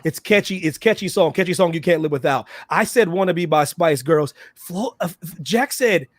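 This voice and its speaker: Casting: animated joking man, high voice, dry close sound. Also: normal speed, no room sound. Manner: animated, joking, breaks into laughter. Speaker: co-host. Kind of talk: casual stream banter.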